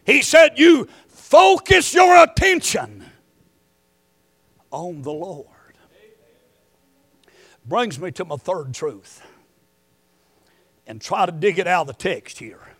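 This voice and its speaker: A middle-aged man preaching a sermon, moving between quiet storytelling and shouted emphasis. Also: on the high side, big pitch swings, slow pace, pauses often, husky, dry recording.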